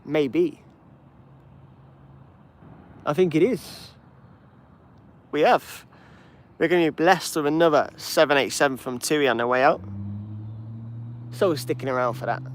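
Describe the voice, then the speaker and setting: A man's voice: fairly high pitch, a little slow, pauses often, slight background noise. A man from England with a Birmingham accent, hosting a plane-spotting livestream and chatting casually with his viewers. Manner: chatty and easygoing, reading and answering chat.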